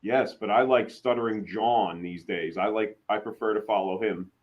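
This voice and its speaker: A man's voice: lowish voice, normal speed. Man chiming in on a lo-fi call. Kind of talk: casual live-stream chat.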